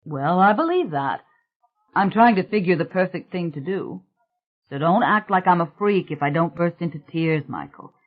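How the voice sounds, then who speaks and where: A man voicing a calm, strong-willed woman who talks in a firm, clipped and sometimes sharp way. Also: high-pitched, normal speed. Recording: thin, phone-like audio.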